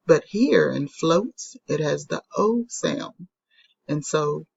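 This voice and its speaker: Woman teacher doing a phonics lesson for little kids, real slow, gravelly voice, sounds out every letter. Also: low-pitched, muffled recording. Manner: patient, sounds out letters slowly and repeats them. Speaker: elementary school teacher. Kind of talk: recorded phonics lesson for young children.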